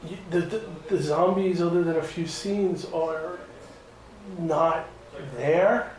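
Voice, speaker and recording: A man's voice: fairly high pitch, fairly even intonation, slow pace, a little mellow, a little hiss or hum. A man interviewing filmmakers in a casual, rambling way, full of restarts and close to tears. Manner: rambling, many restarts, emotional. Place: hotel room at a film festival. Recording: very echoey room.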